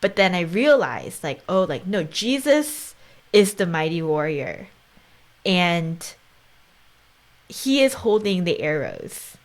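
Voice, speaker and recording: A woman in her thirties with a slightly low voice, talking earnestly as a podcast host. Her delivery is soft and confiding, often sinking to a near whisper. She peppers her sentences with "like" and "right?". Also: big pitch swings, takes it slowly. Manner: heavy use of "like" and "right?". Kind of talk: casual conversation.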